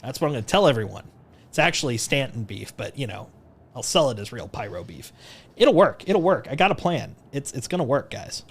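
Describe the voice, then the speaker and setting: A man's voice: mid-range voice, lively intonation, fairly quick, creaky, fairly bright tone, breathy edge, soft background music. Playful rambling male streamer. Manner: rambling, playful, jokey, with frequent restarts. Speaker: livestreamer. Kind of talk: casual gameplay commentary.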